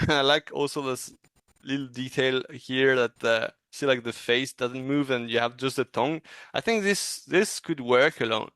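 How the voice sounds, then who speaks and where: Male reviewer giving feedback, smooth clear voice, dry close sound, halting and encouraging. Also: mid-range voice, a bit bright, no room sound. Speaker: animation reviewer. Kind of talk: casual teaching critique.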